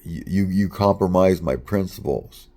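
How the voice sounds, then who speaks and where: A man with a low, gravelly voice telling a rambling personal story. He talks casually, stumbles over repeated words and drops swear words along the way. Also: normal speed, mellow.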